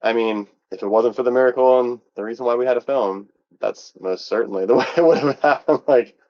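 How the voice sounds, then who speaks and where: A man's voice: mid-range voice, fairly quick, muffled recording. A man co-hosting a podcast in casual chat, laid-back and agreeable. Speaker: podcast co-host.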